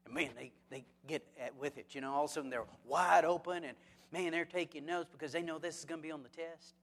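A pastor with a somewhat high voice delivers a sermon, firing rhetorical questions at his listeners and dropping in jokes. His voice rings out with a long hall reverb, as in a church sanctuary. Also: fast. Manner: lively, asks the congregation rhetorical questions; joking asides.

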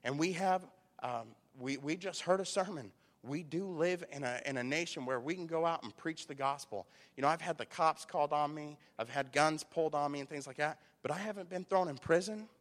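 A man's voice: on the high side, brisk, few pauses. A man in his thirties preaching a sermon, telling personal stories in a conversational way with rhetorical questions. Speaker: pastor. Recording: long hall reverb.

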